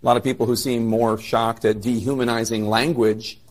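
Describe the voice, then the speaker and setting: A man speaking as a TV news anchor, measured and serious, in a played clip. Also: mid-range voice, level tone. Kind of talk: news commentary.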